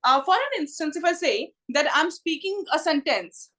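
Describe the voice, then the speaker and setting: A woman's voice: high-pitched, animated, normal speed, fairly bright tone. A woman with an Indian English accent teaching an online spoken English class, slipping into Hindi to explain and calling students by name with "ji".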